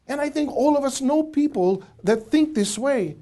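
Animated, mellow-voiced male preacher. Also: extremely high pitch, moderate pace, hardly any pauses. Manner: animated, questioning the audience, many restarts. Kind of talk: Bible teaching to a studio audience.

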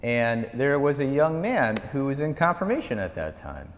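A male pastor leads a Bible study in a relaxed, story-filled way, his pitch rising and falling freely. His medium voice carries a long, echoing hall reverb. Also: moderate pace. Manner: conversational storytelling, lively pitch.

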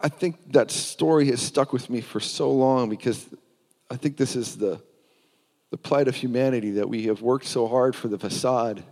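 Man, pastor, earnest sermon storytelling, mid-pitched, long hall echo. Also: normal speed, darkish tone. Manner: earnest storytelling with frequent restarts.

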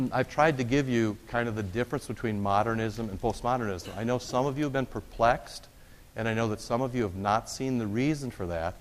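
A middle-aged man giving a conversational, wry lecture-style sermon. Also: fairly low pitch. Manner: conversational and wry, with sarcastic asides. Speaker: preacher. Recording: long reverb of a large hall.

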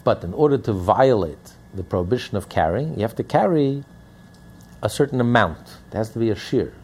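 A man's voice: on the low side, expressive, brisk, a little mellow, slightly rough. A man teaching a Hasidic text in a lecture, repeating points and asking rhetorical questions. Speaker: Torah teacher.

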